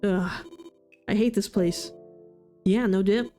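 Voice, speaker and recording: A woman's voice: mid-range voice, steady tone, slow, dark tone. A woman VTuber playing through a game, reading its text aloud with sarcastic, self-deprecating jokes. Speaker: VTuber streamer. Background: faint game music.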